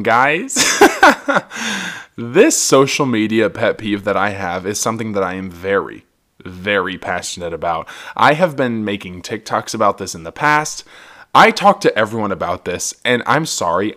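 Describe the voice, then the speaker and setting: A man's voice: on the low side, fairly bright tone. A man hosting a solo podcast, ranting casually while tipsy and laughing often. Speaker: podcast host.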